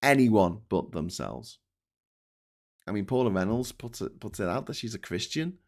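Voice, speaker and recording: A man's voice: on the low side, lively intonation, quick pace, darkish tone. A middle-aged man hosting a daily political news show, talking in a blunt, sarcastic, sweary ranting style with many fillers and restarts. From Britain. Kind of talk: casual ranting commentary.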